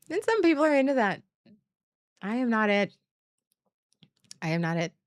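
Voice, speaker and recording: A woman's voice: on the high side, very animated, unhurried, no echo, studio quality. A woman, streaming a candid, profane monologue and laughing often. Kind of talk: casual livestream monologue.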